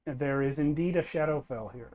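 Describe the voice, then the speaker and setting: A man's voice: on the high side, normal speed, darkish tone. A man narrating a tabletop game as game master, easygoing and laughing often.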